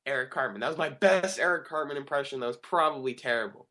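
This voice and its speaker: A man's voice: mid-range voice, quick pace, sharp tone. A man hosting a talk show, giving an earnest, rambling monologue that often corrects itself mid-sentence. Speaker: radio show host.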